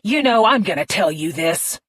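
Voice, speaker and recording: A woman voicing a foul-mouthed, abrasive older mother who talks loudly and crudely in an audiobook. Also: fairly low pitch, lively intonation, normal speed, no room sound. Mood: lecturing. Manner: loud, crude, shouting.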